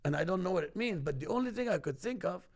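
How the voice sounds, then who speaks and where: A middle-aged man from Egypt, hosting a casual chat and telling animated stories. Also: high voice, quick pace. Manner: animated storyteller, acts out quoted voices. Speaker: host.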